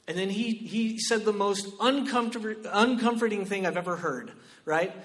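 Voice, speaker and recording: A man preaching a sermon as pastor, shifting between loud, emphatic exhortation and quiet personal storytelling. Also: high-pitched, normal speed, few pauses.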